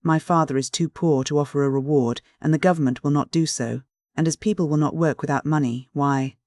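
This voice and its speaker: A reader speaking as a young woman in a classic mystery audiobook, cool and blunt with her neighbor. The voice sits at a middle pitch. The recording is dry and close. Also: fairly even intonation, a little fast, darkish tone, no room sound, natural voice. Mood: reserved. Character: cool, frank young woman, engaged to be married. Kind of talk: audiobook dialogue reading.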